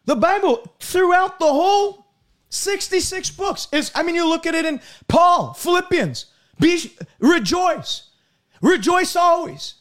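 A man preaching a fervent broadcast sermon, repeating words and breaking into bursts of shouting. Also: very high-pitched, animated, unhurried.

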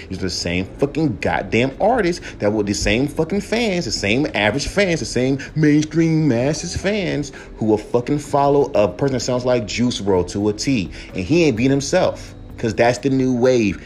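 A young man rants on his own podcast, swearing freely and hammering the same points over and over. His pitch swings widely as he heats up. Faint music plays under his voice. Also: darkish tone. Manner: heated, profane, repetitive emphasis. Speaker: podcast host, rapper. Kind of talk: profane solo rant.

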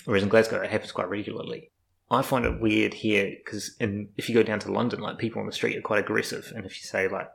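A man's voice: lowish voice, flat delivery, quick pace, creaky, fairly bright tone, rough recording. A young man from New Zealand in casual, rambling chat, swearing freely as he talks about life abroad.

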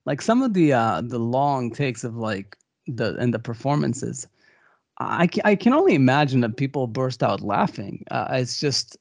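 A man's voice: medium pitch, moderate pace, vocal fry, no echo. Rambling man on a movie podcast. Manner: rambling, many restarts, animated storytelling. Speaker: podcast co-host. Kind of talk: casual movie discussion.

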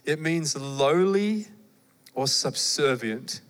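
With a slightly high voice and an unhurried delivery, this young adult Australian man gives an animated, conversational sermon full of remarks to the audience. The recording has a long, hall-like reverb.

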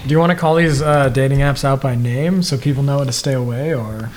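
A young man co-hosting a casual podcast, full of teasing banter and quick to laugh. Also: medium pitch. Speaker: podcast co-host.

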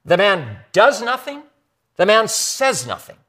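Animated, high-pitched preaching man. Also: measured pace. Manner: expressive preaching with dramatic soft drops. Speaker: pastor. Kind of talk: sermon.

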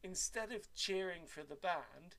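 A man's voice: high voice, a little slow, creaky, background noise. An older man telling rambling anecdotes in casual chat, cursing freely. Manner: lively rambling storyteller, swears freely.

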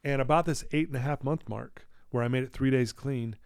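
A man's voice: medium pitch, a little fast, gravelly, darkish tone, clean tone, no echo, studio quality. A man, a recovery counselor, telling a personal story candidly and with feeling, in his office. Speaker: addiction recovery counselor, guest.

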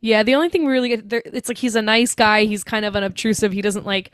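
A woman's voice: medium pitch, fairly even intonation, fast talker, fairly bright tone, smooth, no room sound, studio quality. A young woman co-hosting a podcast, chatting casually and swearing freely while recapping a movie and acting out its lines. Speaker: podcast co-host.

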